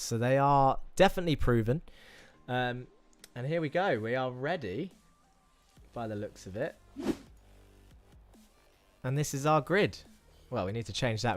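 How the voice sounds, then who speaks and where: In a dry recording, a mid-range male voice with a British accent hosts live sim racing. He's chatty and rambling, interviewing drivers, reading chat messages aloud and commentating on the race.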